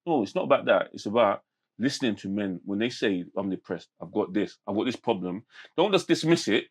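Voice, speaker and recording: A man, a podcast guest telling stories in animated street slang with many restarts. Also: fairly low pitch, brisk, breathy edge. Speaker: podcast guest, men's mental health campaigner. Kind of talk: casual podcast conversation.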